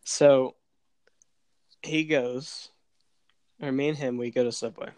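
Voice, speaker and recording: Young dude telling a story, laughs a lot, does little voices, dry mic. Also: male voice, medium pitch, takes it slowly, clean tone, no room sound. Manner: animated, laughing, acts out voices in his stories. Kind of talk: casual storytelling chat.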